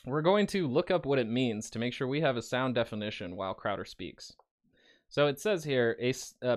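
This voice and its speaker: Male commentator, sarcastic, occasional chuckles, mid-pitch voice. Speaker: commentary host. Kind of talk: reaction commentary.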